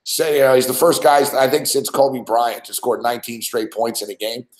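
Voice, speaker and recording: A man hosting a sports podcast, ranting casually with swearing and laughter, and getting excited as he recounts plays. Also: medium pitch, moderate pace, reverberant, low-quality recording. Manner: profane, laughing, gets excited over plays. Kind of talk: casual sports talk rant.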